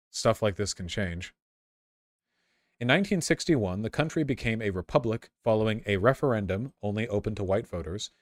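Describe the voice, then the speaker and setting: A man with a fairly low voice reads a history text aloud, then drifts into offhand, sarcastic commentary. He stumbles and repeats words as he goes. The sound is dry, with no room echo.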